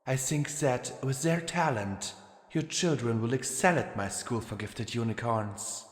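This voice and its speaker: Man doing a soft-spoken reassuring princess. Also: medium pitch, unhurried, lightly acted. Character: gentle royal princess, reassuring. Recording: long reverb with faint music.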